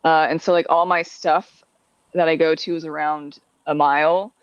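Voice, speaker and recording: A woman's voice: low-pitched, level tone, normal speed, clear, resonant tone, dry recording. Woman from the dc area chatting on a video call, bit muffled, dry sound, laughs a lot. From Washington, D.C. area. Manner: chatty, laughs between thoughts. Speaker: livestream guest. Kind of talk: casual chat.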